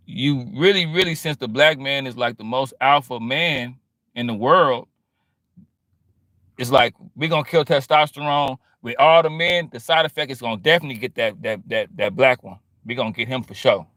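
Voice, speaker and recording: Man, casual monologue, streetwise slang, rambling, middle pitch, dry close recording. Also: moderate pace, fairly bright tone, no room sound. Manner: streetwise, rambling, slang-heavy, drifts into quoting others. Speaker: vlogger.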